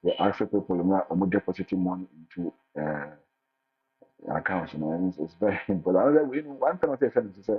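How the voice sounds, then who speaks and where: A man gives lively, casual advice, often repeating and restarting his words. His voice is low and husky. It comes through a thin, phone-like line with faint music behind it. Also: fast. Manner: animated, repeats words and restarts, acts out quotes. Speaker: international teacher sharing his experience.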